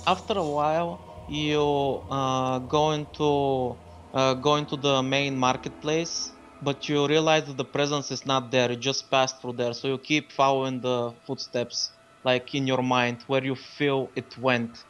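A man's voice: medium pitch, level tone, measured pace, hardly any pauses, a bit bright. A man running a tabletop game as game master, narrating with frequent hesitations and fillers. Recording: dull lo-fi sound.

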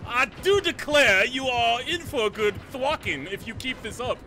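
A man doing a put-on posh English accent, voicing a haughty, old-fashioned gentleman with florid, mock-formal lines. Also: very high voice, lively intonation, moderate pace, voice pushed up, exaggerated voice. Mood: mock-apologetic. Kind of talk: comic role-play while streaming a game. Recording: game music behind the voice.

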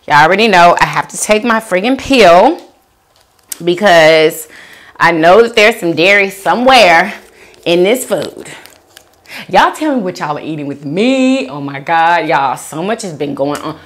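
A woman eating on camera and talking to her viewers in a loose, chatty way, her voice swooping up and down in lively pitch. She talks slowly, often drawing out words, and leans on "y'all" constantly. Chewing and small hums sit close on the mic. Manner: chatty, animated, says "y'all" a lot, chewing sounds. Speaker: mukbang vlogger. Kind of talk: casual eat-with-me chat.

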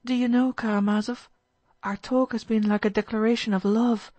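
A woman voicing an eager, excitable teenage boy in an audiobook, gushing with breathless enthusiasm. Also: on the high side, moderate pace, no echo, pitched above the performer's own voice, lightly acted. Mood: earnest. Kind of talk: audiobook character voice.

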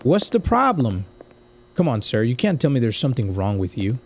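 A young man from the United States commenting casually on a game he plays, swinging from quiet muttering to loud outbursts. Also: medium pitch, moderate pace, slight background noise. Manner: excitable, swings from muttering to yelling. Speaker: gaming streamer.

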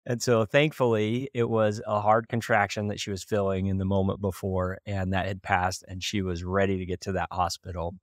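A man's voice: on the low side, fairly even intonation, moderate pace, no room sound, studio quality. A man from small-town Idaho, hosting a podcast and earnestly retelling a personal story with occasional chuckles. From small-town Idaho, USA. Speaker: podcast host.

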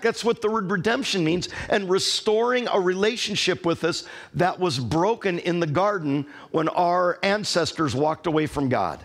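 A middle-aged man preaching a sermon to a church congregation, rising to loud, emphatic declarations and then dropping low. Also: normal speed, few pauses. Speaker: pastor. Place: church sanctuary.

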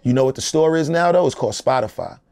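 In a casual interview, a middle-aged rapper speaks quickly and expressively at medium pitch, his voice a little mellow but with a gravelly, rough edge. He comes across as loose, emphatic and streetwise, and the close-miked recording is dry, with no room sound.

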